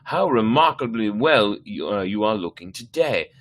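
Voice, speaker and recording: A man playing a scheming nobleman who speaks in flattering, measured tones. His voice is fairly low and rises a little in polite, lavish praise. A storybook villain in a dramatic story reading. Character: smooth, scheming male nobleman plotting revenge.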